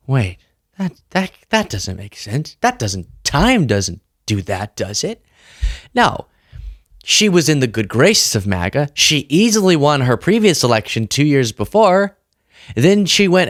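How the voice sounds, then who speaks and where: A man's voice: fairly high pitch, big pitch swings, measured pace, no echo, clean studio sound. A man hosting a political commentary show, talking casually with a sarcastic, mocking edge.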